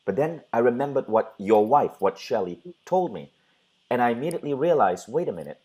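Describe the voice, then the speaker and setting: A man's voice: medium pitch, lively intonation, a little fast, dark tone, low-quality recording. A middle-aged man hosting a talk, earnestly telling a personal parenting story and acting out bits of dialogue. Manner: earnest, retells scenes with quoted dialogue. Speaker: host. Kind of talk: conversational interview storytelling.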